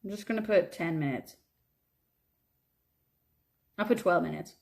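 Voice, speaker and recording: A woman chatting casually on a live stream, telling stories animatedly with drawn-out words, fillers and sudden high bursts. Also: gravelly, darkish tone.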